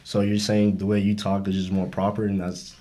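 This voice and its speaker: A young man speaks in a low voice during a casual group discussion. His diction is slangy and a little slurred. His tone stays earnest and steady. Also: a little fast. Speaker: podcast co-host.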